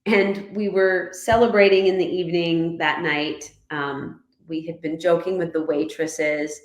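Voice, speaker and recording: Woman from Canada, lowish voice, animated storyteller, echoey room. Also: measured pace. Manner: animated storyteller, laughs often, voices others in her anecdotes. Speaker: guest, former motorcycle racer and writer. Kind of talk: casual podcast storytelling.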